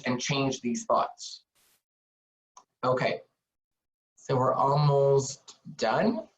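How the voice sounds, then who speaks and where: A counselor giving a live webinar on mental health, speaking earnestly and encouragingly, with lots of rhetorical questions. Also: medium pitch. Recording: echoey, distant, dull laptop audio.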